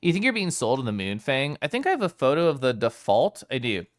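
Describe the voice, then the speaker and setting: A man's voice: mid-range voice, sing-song, brisk. A man streaming live, chatting casually with his viewers, playful and giggly as he greets them by name.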